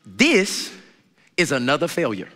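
A man preaching a sermon in a lively, conversational way, bantering and trading questions with the congregation. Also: a little high, a little slow. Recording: reverberant hall with faint noise.

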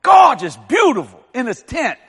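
A man's voice: very high-pitched, wildly swooping pitch, moderate pace, gravelly, fairly bright tone, breathy edge, big-room sound. A man preaching a sermon as pastor, telling folksy stories and teasing his congregation.

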